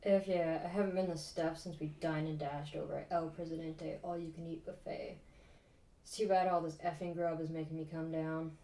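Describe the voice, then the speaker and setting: A woman's voice: low-pitched, fairly even intonation, moderate pace, warm tone. A woman voicing Gretel as a foul-mouthed, tough young girl with crude street slang in a comedic parody. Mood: grumbling. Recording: echoey, distant from the mic, faint noise.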